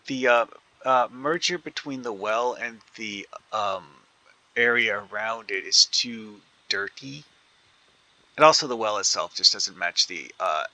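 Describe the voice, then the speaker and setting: A man's voice: fairly low pitch, pushed and bright. A man giving casual commentary while playing a video game, rambling and thinking aloud with many fillers and restarts. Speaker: gaming video creator.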